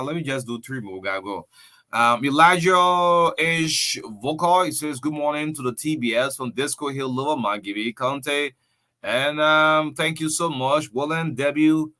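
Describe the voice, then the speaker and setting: A man's voice: mid-range voice, sharp tone. A man with a Liberian English accent hosting a breakfast radio show, chatting loosely and reading out listener greetings. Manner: chatty, storytelling, loose with fillers and laughs. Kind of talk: casual radio talk, reading listener shout-outs.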